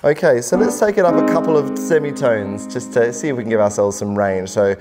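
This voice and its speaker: A man working as a vocal coach, calmly explaining and demonstrating a singing warm-up in an instructional lesson. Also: mid-range voice, brisk, over loud music. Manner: calm, encouraging explanations with sung demonstrations.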